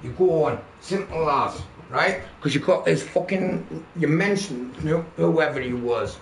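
At a measured pace, a man with a slightly high voice and vocal fry angrily rants on his livestream, constantly cursing and heckling viewers with mockery. Faint background noise and a roomy echo color the recording.

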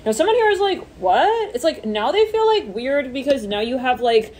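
A woman's voice: high-pitched, expressive, brisk, a little mellow, a little hiss or hum. A woman giving a casual tarot reading, rambling with many fillers and swearing offhandedly. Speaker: tarot reader.

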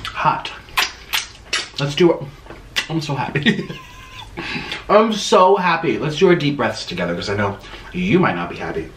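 A man's voice: fairly low pitch, sing-song, unhurried, pauses often, a bit bright, reverberant, slight background noise. A man hosting a casual eating vlog in a playful, theatrical, sing-song manner. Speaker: mukbang host.

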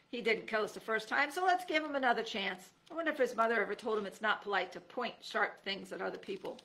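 A woman reads a children's chapter book aloud, her voice bright and edged with gravel. She gives each character a lively voice of its own and leaps up in pitch when the action peaks. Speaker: teacher reading aloud. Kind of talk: storybook read-aloud.

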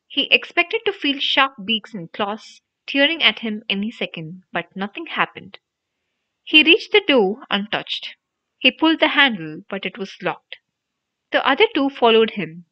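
A woman reading a storybook audiobook aloud in an animated, expressive narration. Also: on the high side. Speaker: audiobook reader. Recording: dry, dull lo-fi audio.

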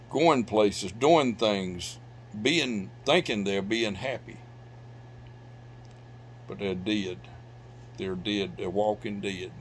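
Middle-aged pastor, low-pitched, preaching with loud swells and hushed drops, faint hum under it. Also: male voice. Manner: preaching with loud bursts of emphasis and sudden drops to quiet. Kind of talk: sermon. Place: church sanctuary.

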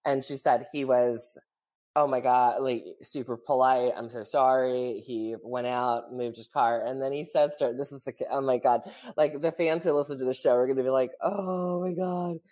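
Woman, very low pitch, casual chatty storytelling, frequent laughs, podcast co-host. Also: fairly even intonation, normal speed, a little mellow. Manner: chatty, full of "like" and "you know", laughs often.

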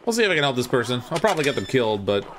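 Male streamer, casual gameplay chatter, animated intonation. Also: medium pitch, racing, noisy background. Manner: chatty, rambling, self-deprecating. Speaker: gaming streamer. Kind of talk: live gameplay commentary. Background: loud game music.

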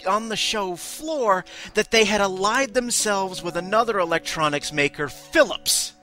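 A man co-hosting a casual podcast panel, telling the history in an animated way and acting out quotes along the way. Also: high voice, unhurried, soft background music. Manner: animated storytelling with put-on quotes. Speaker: podcast co-host.

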